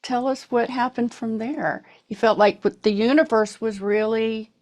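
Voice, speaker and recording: Woman host gently prompting a guest. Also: a little high, steady tone, unhurried. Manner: gently prompting with short affirmations. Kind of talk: interview.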